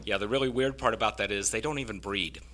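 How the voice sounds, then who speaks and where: A man performing a stand-up comedy set on stage, delivering his punchlines dry and deadpan. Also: lowish voice, fast, very noisy. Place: comedy stage with a live audience.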